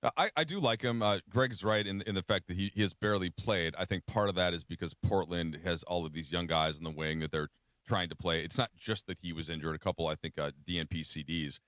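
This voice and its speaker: A man's voice: low-pitched, brisk, a bit bright, no echo. A man talking sports on a radio show in a studio, conversational and often restarting his sentences. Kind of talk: casual sports radio discussion.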